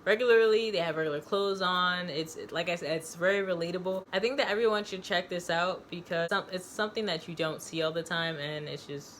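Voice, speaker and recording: A woman talking casually to camera about a movie and her own book, loose and chatty with slang. Her voice sits a bit low. A faint hiss of background noise runs under it. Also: brisk, hardly any pauses, fairly bright tone. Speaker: book reviewer and author. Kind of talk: casual video review and reading.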